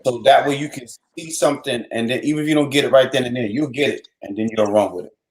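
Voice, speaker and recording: Male host and writing coach, mid-pitched, relaxed, emphatic. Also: fast, low-quality recording. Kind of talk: casual chat.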